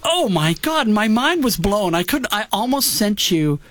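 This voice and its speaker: A man's voice: high-pitched, very animated, measured pace, fairly bright tone. A man hosting a music talk show in casual chat, enthusiastic and wryly teasing. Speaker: podcast host.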